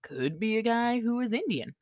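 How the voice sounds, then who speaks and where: A woman's voice: on the high side, very animated, normal speed, no echo, clean studio sound. A young woman co-hosting a casual podcast who talks bluntly and swears freely. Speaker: podcast co-host.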